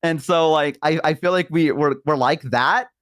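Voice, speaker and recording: A woman's voice: deep voice, moderate pace, no echo, studio quality. A young woman streamer chatting casually, rambling with many fillers and laughs.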